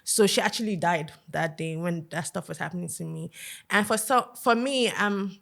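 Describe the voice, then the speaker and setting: Soft-spoken woman telling a personal story. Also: fairly low pitch, moderate pace, creaky. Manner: soft-spoken, hesitant with fillers. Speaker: podcast guest.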